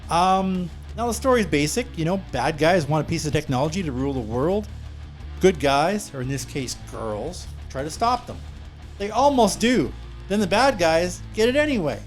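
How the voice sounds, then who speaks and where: A man co-hosting a movie review podcast, chatting in a joking, relaxed way with plenty of "uh"s. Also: fairly high pitch, moderate pace, faint music behind. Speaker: podcast co-host, film reviewer.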